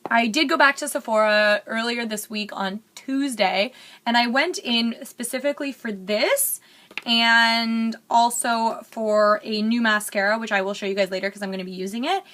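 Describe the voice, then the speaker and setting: A woman's voice: fairly high pitch, fairly even intonation, moderate pace, a bit bright. A young woman chatting candidly while doing her makeup in a get-ready-with-me vlog, rambling and full of fillers. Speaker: beauty vlogger.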